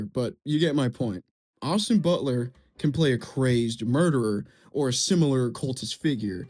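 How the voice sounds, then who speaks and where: A man's voice: medium pitch, darkish tone. A young man giving heated film commentary, swearing and repeating himself as he rants. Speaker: video essay creator.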